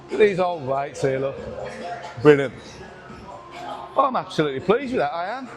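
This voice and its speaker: A man's voice: a little high, very animated, fast. Older man joking through a workout. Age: 60s. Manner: joking, swearing, breathless from lifting. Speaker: gym vlogger. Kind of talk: casual workout commentary. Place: busy gym with music playing. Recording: gym music in background.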